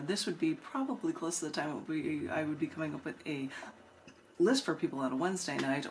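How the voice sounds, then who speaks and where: A woman poet hosts an open mic and talks in a chatty, easygoing way between readings. Her voice is low, with a faint ambient hum underneath. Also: vocal fry. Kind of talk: poetry reading with casual chat.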